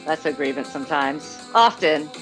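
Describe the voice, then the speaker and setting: A woman comedian rants about small annoyances in a bubbly, animated voice. Her pitch swings up and down a lot. Faint music plays softly behind her. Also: moderate pace. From North Carolina. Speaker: comedian guest. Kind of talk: comedic ranting.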